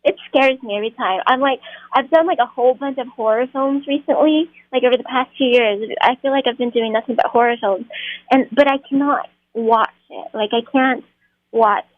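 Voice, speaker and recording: A woman's voice: on the high side, fairly quick, dry recording. A woman actor, a guest on an interview show, telling stories in a chatty way and laughing easily. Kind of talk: casual interview storytelling. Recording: tinny phone-like line.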